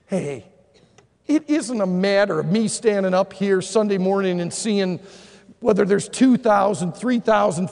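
A man preaching a sermon as pastor, impassioned and rising to shouts, in a large church auditorium. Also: very high-pitched. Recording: long reverb of a large hall.

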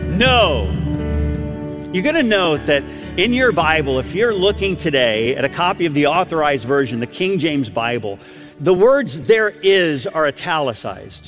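A man preaching a sermon to a congregation, with emphatic stress and acted-out quotations. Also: fairly high pitch. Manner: emphatic, repeats words for stress, acts out quoted lines. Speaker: pastor. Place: church sanctuary with congregation. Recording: long reverb of a church hall.

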